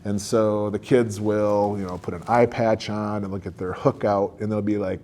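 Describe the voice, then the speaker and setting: Relaxed man explaining a kids' song. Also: fairly low pitch, moderate pace, few pauses. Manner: friendly, relaxed, with fillers like um and uh. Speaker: educator teaching kids a song. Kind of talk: casual explanatory talk.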